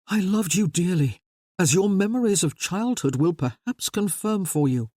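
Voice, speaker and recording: A reader voicing a reserved nobleman who speaks in a measured, earnest way. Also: mid-range voice, lively intonation, a little mellow, no echo, studio quality, lightly acted.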